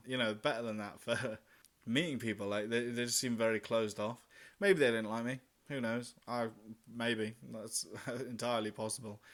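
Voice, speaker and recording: A man's voice: mid-range voice, level tone, fairly quick. Man, young adult, travel vlogger, casual storytelling, sweary, plays out his own quotes. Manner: chatty, swears freely, acts out his own quoted remarks.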